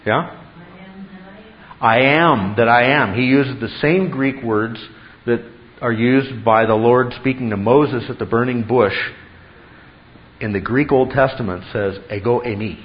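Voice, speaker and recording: A man's voice: medium pitch, a little slow, dull audio. A man teaching a Bible class in a classroom, emphatic and full of rhetorical questions to his students.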